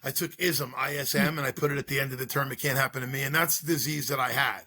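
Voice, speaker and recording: Bright-voiced earnest man telling his story. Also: medium pitch, slightly rough. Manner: earnest, repetitive rhetorical questions, fast bursts. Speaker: guest, school drug-prevention speaker. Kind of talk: emotional interview storytelling.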